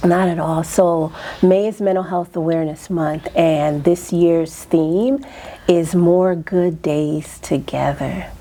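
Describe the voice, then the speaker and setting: Slow, low-voiced woman counselor. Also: steady tone, warm tone. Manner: unhurried, affirming, many "mm-hmm"s. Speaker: counselor, interviewer. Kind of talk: interview conversation.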